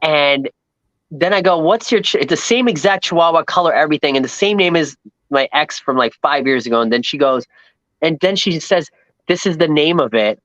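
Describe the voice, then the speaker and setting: A man tells a long story in a loose, rambling way. He acts out every voice he met and sounds thrilled by each coincidence. His voice sits a bit high and comes through a dry, slightly muffled recording. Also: a little fast, fairly bright tone, dry recording. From New York, Long Island. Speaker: guest. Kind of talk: casual storytelling chat.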